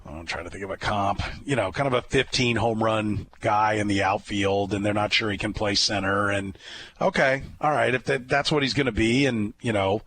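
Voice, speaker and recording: A man hosting a sports talk show, chatting casually as an animated storyteller who rambles and restarts often. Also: lowish voice, moderate pace, slight background noise. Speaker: radio sports host.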